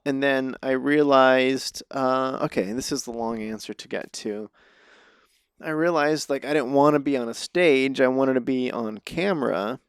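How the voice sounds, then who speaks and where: A man's voice: medium pitch, moderate pace, clean tone, dry recording, clean studio sound. A man, a podcast guest who acts and does comedy, telling self-deprecating stories in casual conversation. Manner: self-deprecating storytelling, laughs at himself.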